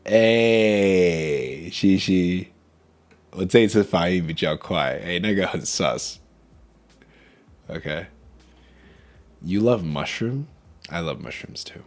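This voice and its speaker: Slow, low-voiced man chatting on stream. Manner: chatty, switches between English and Mandarin while reading chat. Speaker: vtuber streamer. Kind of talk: casual chat.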